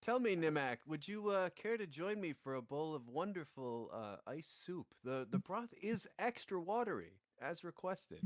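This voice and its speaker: A man voicing a courtly, overly polite beaked water-creature gentleman in a tabletop game. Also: fairly high pitch, sing-song, moderate pace, few pauses, dry recording. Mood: genteel.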